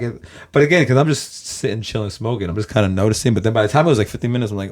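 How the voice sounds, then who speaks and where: A man's voice: fairly low pitch, quick pace. A man from Los Angeles with a Californian American accent, rambling to his viewers in a casual, profane monologue full of "guys". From Los Angeles, USA. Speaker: vlogger.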